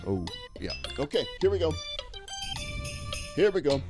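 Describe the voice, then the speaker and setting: A man calling bids in a live stream auction, energetic and jokey. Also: a little high, a little slow, music in the background. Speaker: auctioneer and show co-host.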